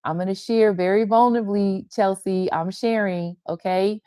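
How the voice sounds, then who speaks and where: A woman's voice: mid-range voice, steady tone, moderate pace, mellow, no echo, clean studio sound. An older woman pastor giving a tender, confessional devotional talk on a livestream, repeating phrases for emphasis. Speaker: pastor and women's ministry leader. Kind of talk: heartfelt devotional teaching on a livestream.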